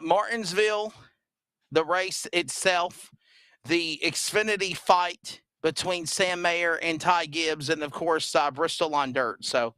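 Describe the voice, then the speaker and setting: Lively high-pitched male show host. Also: no room sound, studio quality. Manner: playful baby talk with his dog, then chatty hosting. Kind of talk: casual motorsports talk show. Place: home studio. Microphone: headset.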